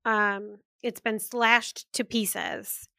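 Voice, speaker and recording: A woman's voice: mid-range voice, flat delivery, drawn-out words, vocal fry, pushed and bright, no echo, studio quality. A woman co-hosting a podcast, casually retelling a book chapter and playfully voicing the characters. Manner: retells the plot with playful quoted voices. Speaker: podcast co-host. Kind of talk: casual book-club chat.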